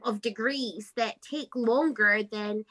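A woman's voice: on the high side, takes it slowly, sharp tone. A woman co-hosting a podcast, talking in an earnest, opinionated way. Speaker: podcast co-host. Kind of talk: casual chat.

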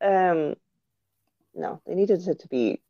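A woman's voice: on the low side, slow. A woman guest on a podcast in casual chat, laughing and agreeing often. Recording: dull lo-fi sound.

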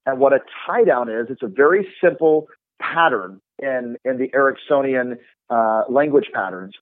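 Man, sales trainer, animated explainer, tinny phone-line sound, dry. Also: mid-range voice, no room sound. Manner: animated, demonstrates tones with his voice. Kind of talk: instructive podcast talk.

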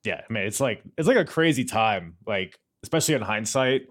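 A man hosting a podcast, chatting casually and joking in a rambling way. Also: fairly quick. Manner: joking, rambling, lively pitch. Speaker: podcast host.

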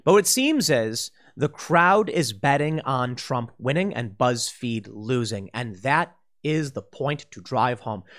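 A man's voice: a little high, a bit bright. A man giving opinion commentary in an exasperated, combative ranting manner. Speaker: political commentator.

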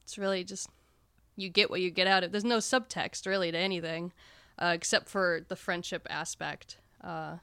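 Casting: woman, smooth clear voice, dry close sound, candid podcast co-host. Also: fairly low pitch, normal speed, no echo. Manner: candid, swears casually, lively. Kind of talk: casual podcast film discussion.

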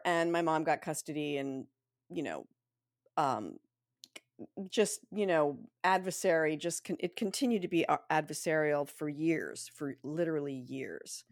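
A woman co-hosting a podcast in casual chat, reacting in an animated way with frequent exclamations and laughter. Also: sits low, a little slow, dry recording, studio quality. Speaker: podcast co-host.

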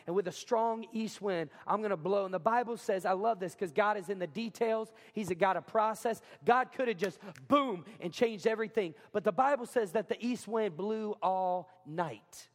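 A man preaching a sermon as pastor, talking conversationally, often asking the congregation questions and acting out quotes. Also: sits high. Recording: hall reverb.

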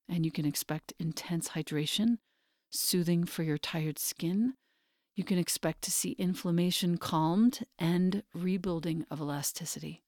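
A woman hosting a podcast, speaking in a soft, unhurried way through her ad read and her introduction. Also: lowish voice, creaky, no room sound, studio quality. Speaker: podcast host.

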